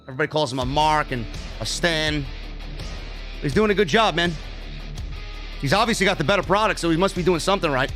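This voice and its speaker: A man hosting a live stream, his voice sitting a bit high for a man. He reads viewer donations aloud and answers them with offhand, swear-laced chatter. Faint guitar music plays underneath. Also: lively intonation, fairly quick, pauses often, fairly bright tone. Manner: casual, profane, reads donor messages aloud. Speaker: show host reading super chats. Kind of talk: casual live-stream chat.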